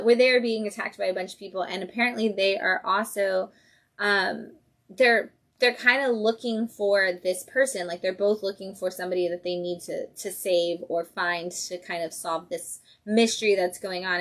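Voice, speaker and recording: A woman's voice: mid-range voice, fairly bright tone. A woman hosting a casual livestream, chatting enthusiastically about new comics and acting out characters' lines. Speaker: comic shop host.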